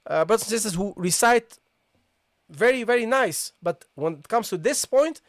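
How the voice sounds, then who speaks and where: A recitation teacher leads a live online tajweed lesson in a mid-pitched voice, explaining each point patiently and checking in with the class again and again. The sounds being taught are repeated slowly, and the voice is dry and close with no room echo. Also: lively intonation. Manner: addresses listeners casually as "guys".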